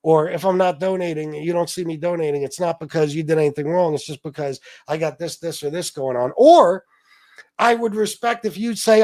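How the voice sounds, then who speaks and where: A man's voice: high-pitched, normal speed, darkish tone, dry recording, studio quality. A man hosting a livestream, ranting profanely and aggrieved at his viewers. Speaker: livestream host.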